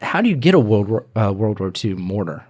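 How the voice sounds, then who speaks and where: A male podcast co-host in casual comedic chat who throws in quick deadpan quips. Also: lowish voice.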